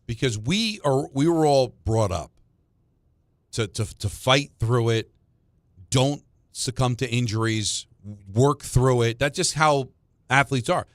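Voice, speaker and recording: A man's voice: medium pitch, slow pace, dry recording, clean studio sound. A man co-hosting sports talk radio, telling stories with lots of restarts and repeated words. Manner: animated storyteller, repeats words when starting.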